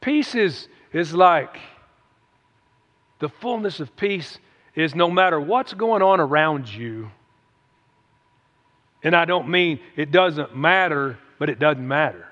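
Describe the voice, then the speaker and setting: A man's voice: on the high side, lively intonation, slow pace, long pauses, a bit bright. A man preaching a sermon in a folksy, conversational way, often calling out "amen?" to the congregation. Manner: conversational, folksy, with frequent "amen?" call-outs. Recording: echoey hall, dull lo-fi sound.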